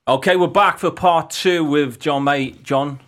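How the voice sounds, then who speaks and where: A man's voice: fairly high pitch, a little slow, over music. Scouse male podcast host. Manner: relaxed, rambling questions with restarts and teasing. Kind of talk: casual interview.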